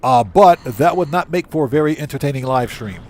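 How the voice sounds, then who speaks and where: A man's voice: mid-range voice, a little mellow, slight background noise. A man casually commenting on a live stream as he plays a video game, laughing often and greeting his viewers.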